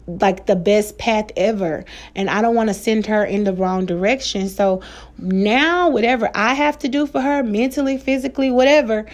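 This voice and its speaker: A woman's voice: mid-range voice, a little mellow. A woman in her thirties with a Black American vernacular accent, talking straight to her listeners in a loose podcast rant. She is candid and emotional, swears freely and laughs often, in a mid-range voice. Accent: African American Vernacular English. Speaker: podcast host. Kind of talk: casual personal podcast monologue.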